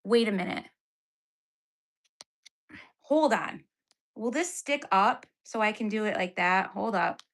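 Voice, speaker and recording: A woman's voice: medium pitch, lively intonation, takes it slowly, long pauses. A woman in her thirties hosting a casual livestream unboxing from home on a phone, talking in an exasperated, sarcastic, chatty way. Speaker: livestream host. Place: home, indoors.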